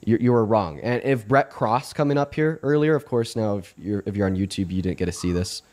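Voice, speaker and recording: A man's voice: on the low side, fairly quick, darkish tone. A man hosting a livestream, earnest and repetitive, often restarting his words. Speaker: livestream host. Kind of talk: livestream commentary.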